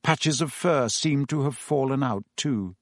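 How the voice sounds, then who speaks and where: A man reading a storybook aloud as narrator, telling it in a steady, measured way on a close mic. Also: medium pitch, no room sound. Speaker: audiobook narrator. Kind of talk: scripted narration.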